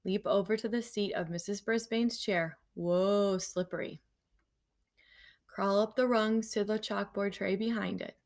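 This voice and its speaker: A woman reads a children's chapter book aloud to her class with a gravelly, creaky edge to her voice. Her delivery is lively and animated, and she slips into casual asides to her students between passages. Her pitch sits in the ordinary middle range for a woman. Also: unhurried. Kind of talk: reading a children's novel aloud.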